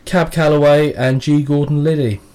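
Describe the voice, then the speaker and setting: An English man co-hosting a casual podcast, telling anecdotes in an animated way. He keeps up a chatty, easygoing flow and slips into other voices for quotes. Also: a little high, normal speed. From England. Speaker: podcast co-host. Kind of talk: casual chat.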